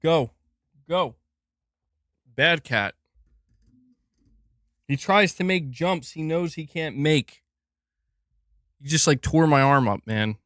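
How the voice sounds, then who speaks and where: A man's voice: fairly high pitch, unhurried, a bit bright, no room sound, clean studio sound. A man hosting a casual livestream, joking, laughing often and rambling as he reads chat. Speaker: livestream host.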